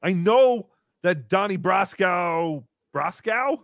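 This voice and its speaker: A man performs an exaggerated voice for a crude, giggly green puppet creature hosting a comedy livestream, reading donations and speaking of himself in the third person. The cheeky voice is high, gravelly and a bit bright, with lively intonation and a slow pace, recorded cleanly in a studio without echo.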